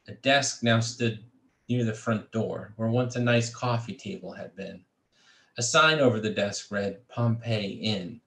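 A man reading his own fiction aloud at a steady, measured pace, now and then restarting a phrase. His voice sits low, and the room gives it a clear echo. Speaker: creative writing faculty reader. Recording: echoey room.

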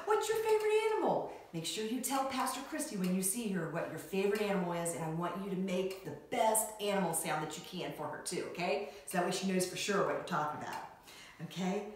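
A middle-aged woman teaching a Sunday school lesson to young children, with an animated, sing-song way of talking. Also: medium pitch. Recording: echoey room, from far off.

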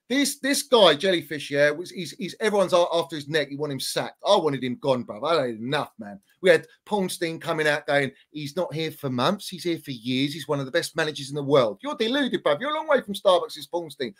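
A man ranting as a Chelsea fan pundit, swinging between shouting and muttering in animated football banter. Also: high voice.

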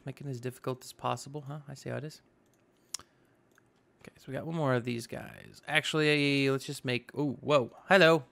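Here a male YouTuber riffs on his gameplay in a relaxed let's-play, musing aloud and letting out the odd exclamation. He speaks a little fast in a mid-range, gravelly voice that's fairly bright, keeping his intonation fairly even.

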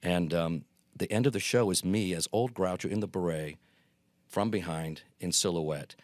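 A middle-aged man telling lively anecdotes as an interview guest, acting out quotes as he goes. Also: sits low, normal speed, no room sound. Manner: animated anecdotes with acted quotes. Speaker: guest, Groucho performer. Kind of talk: storytelling interview.

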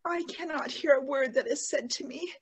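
A woman's voice: high voice, normal speed, slight background noise, lightly acted, low-quality recording. A woman playing a vain, deaf woman who laments her lot through tears, in an amateur stage reading. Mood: tearful. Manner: tearful, pleading lament. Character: vain, deaf, self-pitying woman, weeping.

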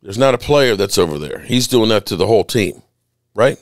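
A man's voice: lowish voice, brisk, no room sound, studio quality. A man hosting a sports podcast, ranting indignantly over game clips and repeating his points. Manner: animated, indignant, repeats himself.

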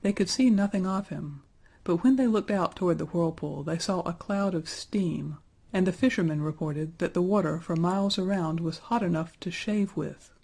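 A woman narrates a fairy tale in a measured, even reading. Her voice sits low, with a dark tone and a husky texture. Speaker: storyteller. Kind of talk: storybook narration.

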